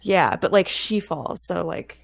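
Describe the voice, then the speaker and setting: A woman's voice: on the low side, unhurried, gravelly. A woman playing a tabletop game, playful and giggly as she describes her character's moves. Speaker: player.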